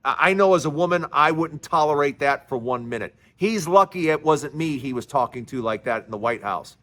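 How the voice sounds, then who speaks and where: Woman commentator, heated indignant rant, pitch swinging widely. Casts a fired-up political vlogger. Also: animated, fairly quick, a bit bright. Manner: indignant, emphatic ranting.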